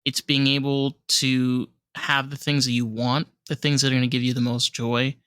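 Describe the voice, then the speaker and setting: A man's voice: mid-range voice, flat delivery, normal speed, a bit bright, clear, resonant tone, no echo. A man hosting a podcast interview, talking in a loose, rambling way with many fillers. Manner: rambling, lots of likes and restarts. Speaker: podcast host. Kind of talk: casual interview chat.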